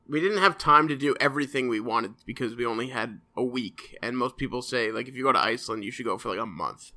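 A man's voice: mid-range voice, quick pace, pushed and bright. A man in his twenties casually telling travel stories on a podcast, chatty and swearing now and then. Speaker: podcast co-host. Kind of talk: casual chat.

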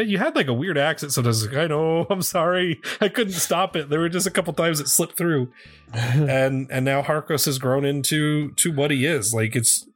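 A man's voice: medium pitch, a bit bright. A young man co-hosting a tabletop game podcast, chatting candidly and swearing freely as he reminisces. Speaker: podcast co-host and player. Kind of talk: casual chat.

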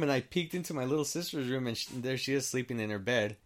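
A man's voice: mid-range voice, fast talker. A man telling a personal story in casual chat. He rambles, restarts often and swears freely as he acts out what people said. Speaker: storyteller guest.

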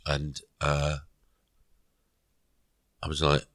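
A man's voice: a bass voice, monotone, very slow, fairly bright tone, no echo, clean studio sound. A middle-aged man, a podcast guest, tells a rambling story and acts out the quoted dialogue. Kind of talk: storytelling interview.

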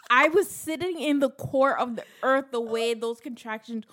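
A woman's voice: high-pitched, normal speed, slight background noise. A young woman chatting casually, acting out the people in her story as she tells it. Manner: animated storyteller who acts out quotes. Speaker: guest telling her birth story. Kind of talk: casual chat.

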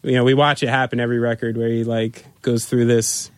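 A man's voice: medium pitch, flat delivery, a little fast, smooth, dry recording. A man, a band's drummer, telling tour stories in a loose, casual way with lots of fillers and swearing. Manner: loose, swearing, laughing storyteller with many fillers. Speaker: band drummer, guest. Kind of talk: casual interview storytelling.

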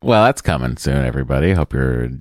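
A man's voice: rumbling low, expressive, brisk, no room sound, clean studio sound. A man co-hosting a podcast, chatting casually and joking, rambling with fillers. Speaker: podcast co-host. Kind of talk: casual chat.

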